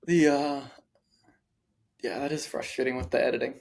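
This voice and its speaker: A man co-hosting a book podcast, in casual chat, self-mocking and quick to laugh, with plenty of ums. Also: mid-range voice, steady tone, gravelly, darkish tone. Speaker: podcast co-host.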